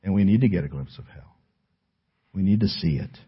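A male pastor preaching a sermon in earnest, moving between raised emphasis and hushed pleading. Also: deep voice, animated, fairly quick, breathy edge, highs cut off.

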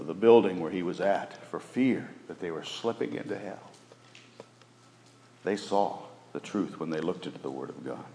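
A man preaching a sermon as pastor, moving between loud urgent pleading and hushed near-whispers. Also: lowish voice, roomy sound, in a large hall. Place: church sanctuary.

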